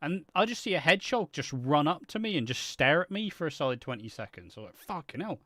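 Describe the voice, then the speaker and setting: Young british guy rambling and cursing, bouncy pitch, dry close sound. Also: expressive, quick pace, pushed and bright, no echo. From Britain. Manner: rambling storyteller, swears a lot. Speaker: co-host of a soap opera channel. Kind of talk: live stream casual chat.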